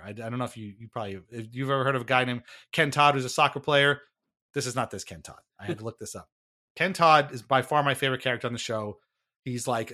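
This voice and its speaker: Chatty wry man with a bright voice. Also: medium pitch. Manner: chatty, wry, laughs at himself, trailing restarts. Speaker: podcast co-host explaining a reality show. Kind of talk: casual podcast chat.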